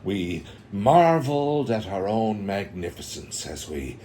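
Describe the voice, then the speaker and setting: A man doing a grave, slow sci-fi rebel leader. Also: fairly low pitch, very animated, mellow, a little hiss or hum. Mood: solemn. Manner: slow, solemn, measured delivery.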